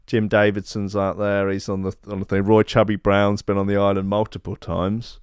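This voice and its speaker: A man's voice: fairly low pitch, little pitch movement, normal speed, smooth, no room sound, clean studio sound. A man hosting a podcast, ranting sarcastically and swearing freely. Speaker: podcast host. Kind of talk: ranting comedy podcast monologue.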